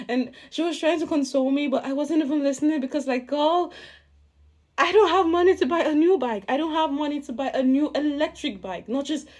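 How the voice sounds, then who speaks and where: A young woman vlogger telling a casual storytime, chatty and animated, often breaking into laughter. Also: mid-range voice.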